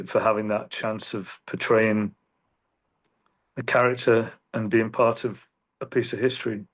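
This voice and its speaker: A man being interviewed as a guest singer, talking in an earnest, reflective way. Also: on the low side. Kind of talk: interview conversation.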